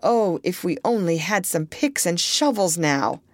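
A woman reading a storybook aloud, voicing a kindly, excitable old man who is a doctor, earnest and eager as he speaks. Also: lowish voice, measured pace, no room sound. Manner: earnest and eager, hushed at times.

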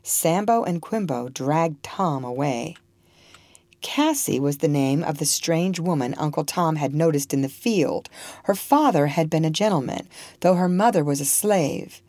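Slow, low-voiced woman reading a storybook. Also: no room sound. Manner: expressive, acts out the characters. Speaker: narrator.

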